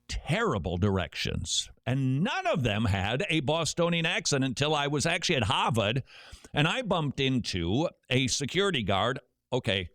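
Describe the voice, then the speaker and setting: A middle-aged man hosting a talk radio show, telling stories with quick joking asides. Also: medium pitch, a bit bright, dry recording, clean studio sound.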